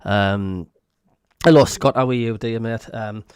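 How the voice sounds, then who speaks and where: A man's voice: lowish voice, measured pace, smooth, no room sound, studio quality. A man with a Sunderland accent hosting a casual podcast, telling stories animatedly. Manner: animated storytelling with laughter and quoted voices. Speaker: host.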